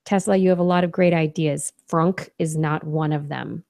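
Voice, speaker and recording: A woman's voice: low-pitched, steady tone, normal speed, gravelly, a little mellow. A woman co-hosting a podcast in casual pre-show banter, emphatic and playfully indignant. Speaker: podcast co-host.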